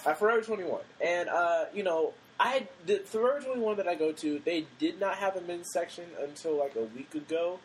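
Young man, late teens, podcast co-host, rambling storyteller, slightly high voice, faint background hiss. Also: fairly quick, few pauses, poor audio. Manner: rambling storyteller, acts out quotes. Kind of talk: casual chat.

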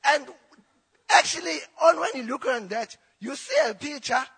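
A South African man whose first language is Zulu, telling his personal testimony in church in halting English with restarts. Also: very high-pitched, lively intonation, gravelly, bright, forceful tone. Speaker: church member giving testimony. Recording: reverberant church hall.

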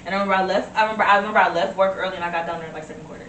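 A woman, telling stories in a casual chat and breaking into excited shouts. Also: fairly low pitch, rapid-fire. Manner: animated storytelling, bursts into excited shouts. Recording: roomy, distant mic, noisy.

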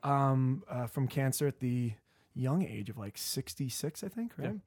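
A podcast host chats casually, rambling with many restarts and fillers. His mid-range voice is expressive, a little slow and darkish, captured in a dry, clean studio recording.

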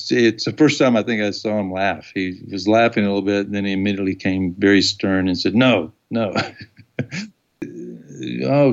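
A man's voice: on the low side, darkish tone, dull audio. A man, a documentary filmmaker, telling rambling anecdotes in an interview and acting out the quotes. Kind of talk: casual storytelling in an interview.

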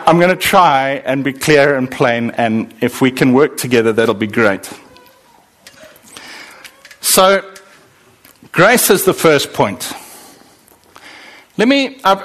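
A man preaching a sermon to a congregation, conversational and animated, joking with his listeners. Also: a little high.

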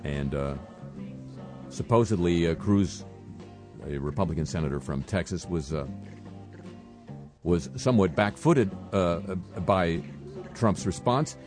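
An older man with a very low voice hosts a radio show, reading news items with a dry, sardonic edge. He halts often with fillers and restarts. Faint music sits behind him. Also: unhurried, pauses often. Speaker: radio host. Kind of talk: satirical radio commentary.

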